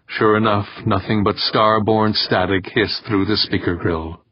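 A man narrating an audiobook in a steady, measured reading. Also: fairly low pitch, breathy edge, no echo, dull audio. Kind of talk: scripted narration.

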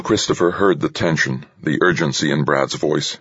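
A man narrating a thriller audiobook in a lively, dramatic reading. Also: extremely low pitch, normal speed, slightly rough, no room sound, dull audio. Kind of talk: scripted narration.

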